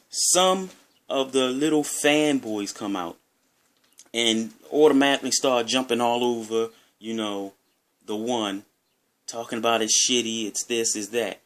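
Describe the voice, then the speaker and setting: A man's voice: medium pitch, a bit bright. Rambling man with a Maryland accent. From Maryland, USA. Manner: rambling, conversational, repeats himself. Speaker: gaming vlogger. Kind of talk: casual talk to camera.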